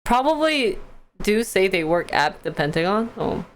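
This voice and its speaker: Lively, giggly young woman streamer. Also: mid-range voice, a little slow. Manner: chatty, giggly, reacts to chat. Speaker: stream host reading stock news. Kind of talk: casual live-stream chat.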